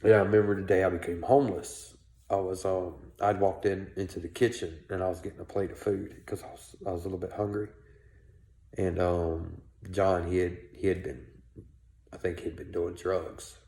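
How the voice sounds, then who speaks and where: A man's voice: deep voice, little pitch movement, normal speed, dark tone, echoey room. A man telling his own life story bluntly, with plenty of profanity. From South Carolina, US. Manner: candid, blunt, laced with profanity. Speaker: storyteller, show host. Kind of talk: personal storytelling.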